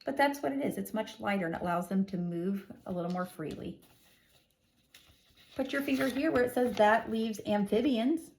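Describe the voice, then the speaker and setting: A woman teacher leads a read-aloud lesson for young children, speaking at a middle pitch. She reads in a lively, sing-song way and stresses words heavily to hold the class's attention. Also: a little fast, creaky, long pauses, a little hiss or hum. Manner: expressive, sing-song reading with exaggerated emphasis for young students.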